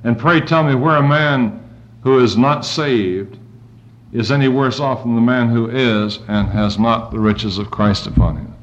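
A man preaching a sermon, reading scripture aloud and swinging his pitch and volume up and down as he goes. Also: unhurried. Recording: dull lo-fi recording.

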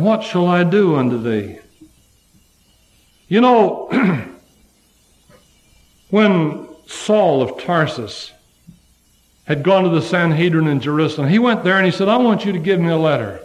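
A man preaching a sermon to a congregation, swinging from loud fervent cries to low, hushed passages.

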